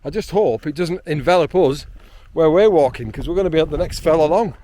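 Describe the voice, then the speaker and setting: A man, chatting excitedly outdoors on a hilltop, with frequent ums. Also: on the high side, brisk. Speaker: landscape photographer. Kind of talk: casual vlog narration while hiking.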